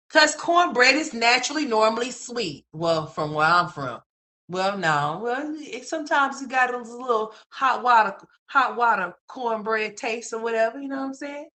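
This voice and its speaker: A woman hosting a livestream, reacting to chat in a loud, profane, animated way and calling viewers "y'all" and "honey.". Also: fairly high pitch, normal speed. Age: adult mother. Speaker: livestream host.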